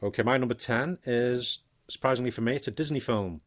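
Relaxed man chatting about films. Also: mid-range voice, a little fast, dry recording, studio quality. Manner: relaxed, rambling, thinks aloud with fillers. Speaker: podcast co-host. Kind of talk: casual film podcast chat.

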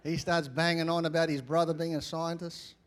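Australian male pastor, somewhat high voice, animated sermon with jokes and asides to the congregation. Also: fairly quick.

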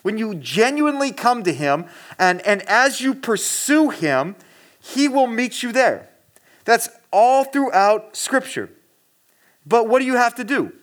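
A man's voice: extremely high pitch, big pitch swings, unhurried. A man preaching a casual, conversational sermon to a gathered congregation, earnest and direct, with many fillers and restarts. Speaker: pastor.

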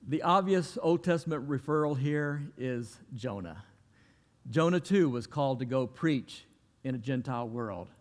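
A man preaching in a church, his voice trailing off into a long hall reverb. He talks in a relaxed, folksy storytelling way, with mid-range pitch, and now and then acts out the people he quotes. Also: measured pace. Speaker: pastor. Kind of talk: sermon.

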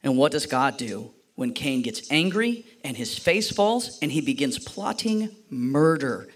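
A pastor preaching a sermon tells a personal story, playfully acting out the voices in it. He speaks at medium pitch with a sing-song lilt and an unhurried pace.

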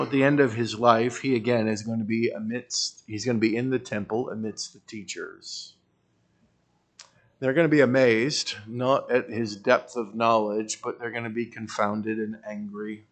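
A man preaching an expository sermon in a conversational way, dropping wry humorous asides and moving between emphatic bursts and quiet trailing phrases. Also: on the low side, fairly even intonation, normal speed. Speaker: pastor.

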